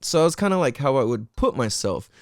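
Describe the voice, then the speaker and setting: A young man at mid pitch whose voice swoops up and down as he talks, recorded close and dry with no room sound. He tells a personal story on his podcast in loose, profane slang and keeps dropping in fillers like "you know". It is a casual, candid monologue. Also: sing-song, fairly quick, no echo. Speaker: podcast host.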